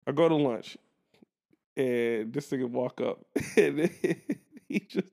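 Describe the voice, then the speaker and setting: A young man co-hosting a podcast, telling a story in casual chat, animated and laughing as he acts out the people in it. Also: mid-range voice, takes it slowly, creaky. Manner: animated, laughing, acts out voices in his stories. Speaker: podcast co-host.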